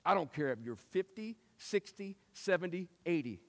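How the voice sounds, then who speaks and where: A man preaching a sermon, telling stories and acting out quotes with lively shifts. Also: sits high, moderate pace. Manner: lively storytelling with acted-out quotes. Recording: long hall reverb.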